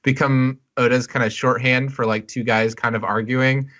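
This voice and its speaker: A man's voice: mid-range voice, little pitch movement, normal speed, a bit bright, highs cut off. Hesitant male podcast panelist. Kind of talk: casual chat.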